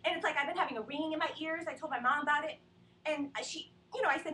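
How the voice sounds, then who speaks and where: A woman's voice: high voice, rapid-fire, sharp tone. A woman doing a rambling, self-deprecating stand-up comedy set in a small studio. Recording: roomy sound from a distant webcam mic.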